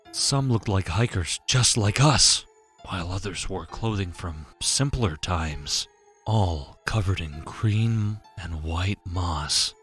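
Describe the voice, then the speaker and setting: A man narrating a scripted horror story in a hushed, grave, drawn-out way. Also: low-pitched, breathy edge. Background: faint background music.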